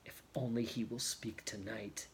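A man's voice: lowish voice, fairly even intonation, unhurried, vocal fry. A man reading aloud, voicing a young woman's anxious inner thoughts in a musing, fretful way.

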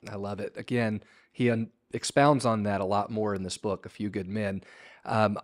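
A man hosting a faith-themed author interview, affirming his guest and asking open questions in a soft-spoken way. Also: fairly low pitch, fairly even intonation, normal speed.

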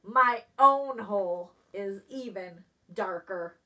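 A woman's voice: mid-range voice, takes it slowly, pushed and bright, far from the mic, pitched below the performer's own voice. A woman voicing a small, cheerful male mole with poor eyesight in a storybook reading.

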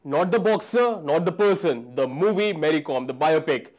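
A man's voice: a little high, animated, normal speed, darkish tone. A man with an Indian English accent, hosting a comic film review and joking as he switches between English and Hindi. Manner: jokey, mixes English and Hindi, acts out characters. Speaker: comedian film reviewer, show host.

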